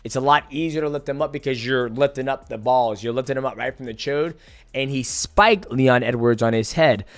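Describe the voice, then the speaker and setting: A man's voice: mid-range voice, fairly quick, no echo. A man in his thirties giving a casual, profane fight breakdown and acting out the moves as he explains. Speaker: fight analyst.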